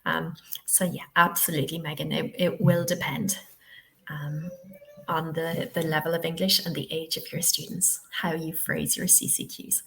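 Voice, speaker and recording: A woman's voice: deep voice, level tone, normal speed, creaky, fairly bright tone. A woman from the west of Ireland, presenting a live online teacher-training webinar in a chatty, encouraging way, often checking with "okay?".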